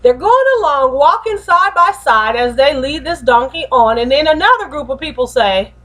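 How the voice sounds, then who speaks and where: Woman, high-pitched, lively, slangy, motivational pastor talk. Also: moderate pace, few pauses. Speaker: host and pastor.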